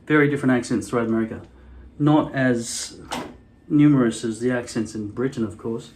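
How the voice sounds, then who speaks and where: A man's voice: mid-range voice, brisk, a little mellow, a little hiss or hum. A man with an Australian city accent, hosting a hairpiece vlog in a rambling, wry, self-deprecating way. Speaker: hairpiece channel host. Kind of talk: casual vlog monologue.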